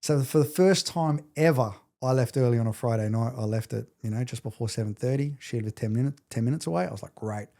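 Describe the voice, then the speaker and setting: A middle-aged man appears as a podcast guest, intensely retelling an emotional story and acting out the quotes with animation. His voice is gravelly and medium-pitched, moving at a quick pace with few pauses.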